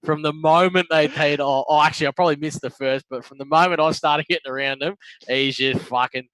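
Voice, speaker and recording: A man's voice: a little high, steady tone, a little fast, a bit bright, no room sound, poor audio. A man co-hosting a podcast, chatting casually, laughing at himself and swearing freely. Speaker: podcast co-host. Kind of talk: casual banter.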